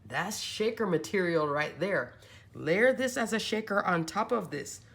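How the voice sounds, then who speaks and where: A woman's voice: fairly low pitch, lively intonation, a little slow, vocal fry, fairly bright tone. A woman vlogger chatting casually as she shows and measures craft dies, gushing and thinking aloud. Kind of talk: casual show-and-tell chat.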